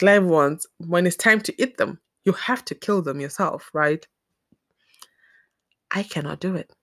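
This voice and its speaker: A woman in her thirties from Zimbabwe, hosting a podcast and telling personal stories in a casual, animated way, laughing often. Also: no room sound, clean studio sound. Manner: animated, laughs often, acts out scenes with pitch jumps. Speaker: podcast host. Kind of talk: casual storytelling monologue.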